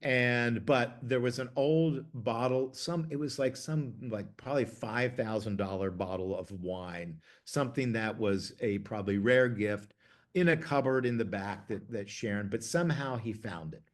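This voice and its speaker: A middle-aged man from Ohio, a TV producer, telling stories in a casual, chatty way, full of fillers and restarts, getting lively when he quotes others. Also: mid-range voice, moderate pace. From Ohio, USA. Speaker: TV producer interviewee. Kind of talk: casual anecdotal storytelling.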